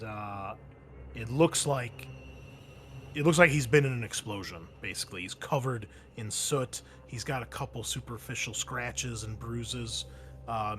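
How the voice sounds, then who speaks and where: A man's voice: mid-range voice, fairly bright tone, slight background noise. Man, game master, tabletop game narration, casual, filler-heavy. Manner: casual, many fillers and restarts.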